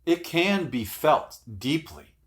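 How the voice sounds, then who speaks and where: A man's voice: fairly high pitch, animated, takes it slowly. A middle-aged man, an acting coach, giving casual spoken advice with emphasis, swearing now and then.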